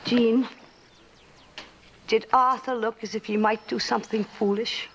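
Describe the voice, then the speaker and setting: A firm, steady frontier woman. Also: on the high side, a little slow, a little hiss or hum. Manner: firm, coaxing and probing. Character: steady grown woman, calm family mainstay. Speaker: actor in a western film. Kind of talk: 1950s film acting.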